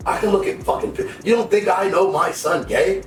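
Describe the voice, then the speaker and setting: A man's voice: high-pitched, fairly quick. An older man in casual chat, telling stories with lots of swearing and acted-out quotes. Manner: profane, animated storytelling with acted-out quotes. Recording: echoey room, distant mic, noisy.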